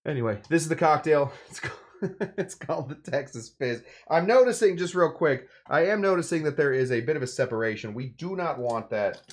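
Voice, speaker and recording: A man's voice: a little high, lively intonation, a little fast, slight background noise. A man from California hosting a casual cocktail-making video, talking in a rambling, jokey way with playful asides. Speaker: cocktail show host.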